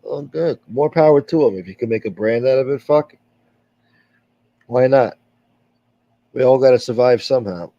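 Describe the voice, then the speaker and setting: A man's voice: medium pitch, moderate pace, pauses often, warm tone, no room sound, muffled recording. A man hosting a casual livestream chat and reading out viewer comments, crude and joking. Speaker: livestream host.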